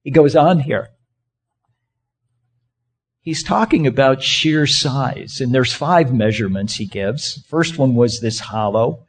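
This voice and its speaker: A man's voice: mid-range voice, takes it slowly, breathy edge. A man preaching a sermon as a pastor, asking the congregation questions and having them act out hand gestures as he talks. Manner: conversational, asks the congregation questions; has listeners act out gestures with their hands.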